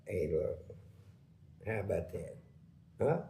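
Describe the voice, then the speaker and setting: A man guesting on a podcast, telling profane prison stories in an animated way and jumping into loud acted-out quotes. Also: deep voice, slow, creaky. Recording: echoey room with background noise.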